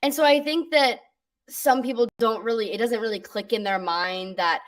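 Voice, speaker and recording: Young actress chatting, lots of "like". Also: female voice, fairly high pitch, normal speed, recorded from a distance. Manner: relaxed, heavy use of "like" and "you know". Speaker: actress guest. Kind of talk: casual interview answers.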